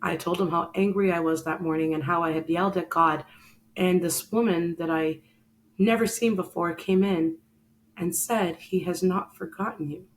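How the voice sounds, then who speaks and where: A woman's voice: fairly low pitch, steady tone, moderate pace, slight background noise, low-quality recording. A woman hosting a show, telling a personal story in an earnest, emotional way and speaking straight to the listener. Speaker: podcast host.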